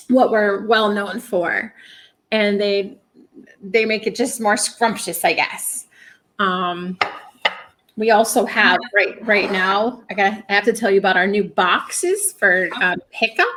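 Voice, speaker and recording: A woman's voice: medium pitch, fairly bright tone. A woman who owns a brunch restaurant, chatting in a friendly, easygoing way as a guest. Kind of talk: casual interview chat.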